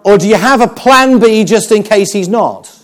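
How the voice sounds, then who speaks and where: A man preaching a sermon, telling stories with jokes and an animated delivery. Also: high-pitched, moderate pace. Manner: animated, joking storyteller.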